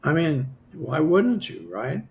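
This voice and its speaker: A man with a gravelly, fry-tinged voice sits as the guest in an interview and tells his story with animation. He acts out each line of dialogue and pokes fun at himself as he goes. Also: a little high, slow, a little hiss or hum. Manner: animated, acts out quoted dialogue, self-mocking humor. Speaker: guest healer.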